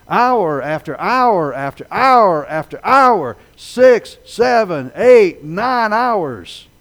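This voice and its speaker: Male pastor, sermon, lively pitch that swoops widely, builds and drops for dramatic storytelling. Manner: dramatic storytelling delivery, swelling loud then dropping low.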